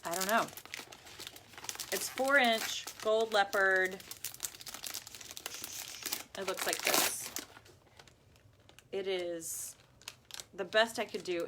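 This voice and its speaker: Reacting to incoming comments, a bubbly, talkative woman hosting a live crafting and ribbon shop video talks to her viewers as though they were friends, laughing frequently. Her medium-pitched voice moves slowly, with long pauses, and background noise can be heard.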